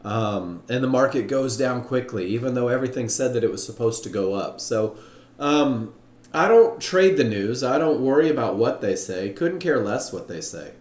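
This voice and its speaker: A man's voice: medium pitch, expressive, normal speed, a little mellow. A man leading a live online trading class, upbeat and chatty, greeting viewers by name. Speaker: trading instructor. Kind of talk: live webinar teaching. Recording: roomy echo.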